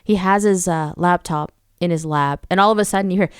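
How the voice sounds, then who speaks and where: A woman co-hosting a podcast in casual chat, animated and expressive, laughing often. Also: lowish voice, fairly quick, hardly any pauses, clean tone, no room sound. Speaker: podcast co-host.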